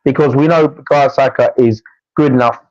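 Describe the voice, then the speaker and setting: Male fan co-host, animated, stumbling chat; lo-fi, dead-dry sound. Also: mid-range voice, moderate pace, dry recording. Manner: animated, frequent restarts and stumbles. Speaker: football podcast co-host. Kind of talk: casual fan match preview chat.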